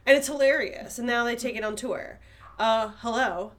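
A woman chatting on a casual podcast, eager and laughing often. Her voice sits a little high. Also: fairly bright tone. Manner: enthusiastic, laughing, quick agreement. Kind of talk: casual chat.

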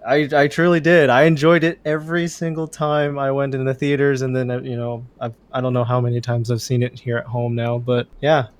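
A man's voice: medium pitch, flat delivery, a little fast, few pauses. A man talking about a movie he loves in casual chat, enthusiastic and rambling. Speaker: podcast co-host.

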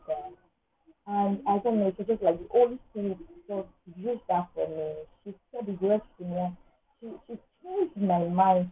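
A woman, sharing an emotional personal testimony in an earnest, rambling way. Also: medium pitch. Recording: tinny phone-like audio.

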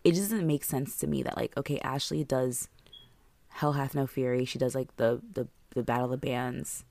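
A woman's voice: very deep voice, fairly even intonation, moderate pace, vocal fry, a little mellow, dry recording. A woman co-hosting a podcast in casual chat, recapping a TV show, chatty with lots of fillers. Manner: chatty, filler-heavy, laughs at herself. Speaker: podcast co-host.

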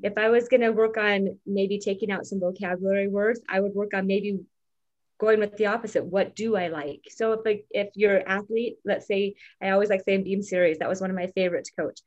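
A woman's voice: medium pitch, fairly even intonation, fairly quick. A woman who coached gymnastics, explaining her ideas in a thoughtful, easygoing way. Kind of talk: casual advice chat. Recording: slightly dull lo-fi sound.

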